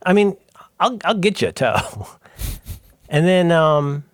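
A man's voice: on the high side, sing-song, takes it slowly, no echo. Middle-aged guy podcast host, rambly and jokey, keeps cutting himself off, dead dry sound. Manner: rambling, self-interrupting, jokey storytelling. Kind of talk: casual chat.

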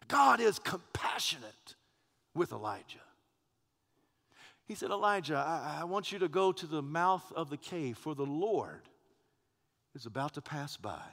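Raspy high-voiced preacher in a big hall. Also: male voice. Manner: dramatic swings from hushed whispers to loud passionate declarations. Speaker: pastor. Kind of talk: sermon.

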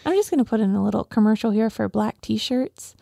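A woman's voice: fairly high pitch, animated, brisk, gravelly, dark tone, no echo, studio quality. A woman co-hosting a faith podcast, chatting casually with a hesitant, filler-laden manner. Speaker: podcast co-host.

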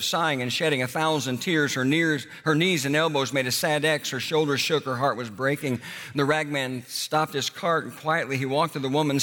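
A man telling a story with dramatic expression, dropping to a hush and then pushing forward with urgency. His voice is slightly high for a man, and a long hall reverb trails after it. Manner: expressive, swinging from hushed to urgent.

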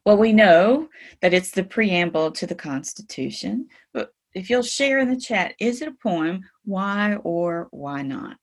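A woman's voice: medium pitch, animated, measured pace. A woman teaching a poetry class over a video call, explaining with frequent fillers and rhetorical questions. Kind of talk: online lecture on poetry.

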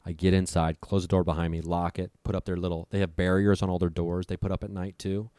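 In relaxed conversation, a young storyteller guest describes a frightening night, cursing freely, painting vivid scenes and imitating the people involved. His deep, low voice is mellow and level in tone, and he talks at a quick pace. The close, dry recording has no echo.

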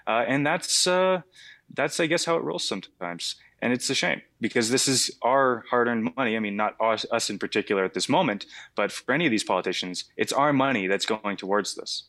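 A man's voice: mid-range voice, animated, brisk, fairly bright tone. Young man giving hesitant political takes. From Canada. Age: young adult. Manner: hesitant, many fillers and restarts. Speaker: co-host. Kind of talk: casual political commentary.

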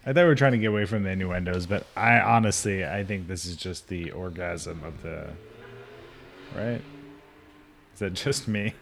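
A man co-hosting a comedy podcast, tossing in quick jokes and wordplay in casual chat. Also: sits low, vocal fry, a bit bright, slight background noise. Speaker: podcast co-host.

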